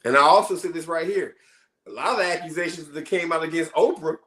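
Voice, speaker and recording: A man co-hosting a casual podcast chat, arguing in an animated way and asking rhetorical questions. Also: a little high, quick pace. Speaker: podcast co-host. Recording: roomy echo.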